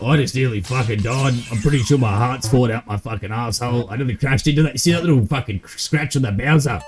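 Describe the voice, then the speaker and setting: A man's voice: medium pitch, quick pace, hardly any pauses, soft background music. Laid-back, slangy man streaming. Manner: laid-back, slangy, swears a lot, laughs easily. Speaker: streamer and roleplayer. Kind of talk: casual in-game roleplay chat.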